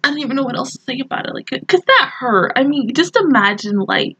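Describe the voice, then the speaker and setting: A young woman hosts an anime reaction review, chatting casually and emotionally with lots of fillers. Her voice is a touch high and breathy. The recording is dry and dull, like a home mic. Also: expressive, fairly quick, fairly bright tone, dry recording. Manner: gushing and emotional, many fillers.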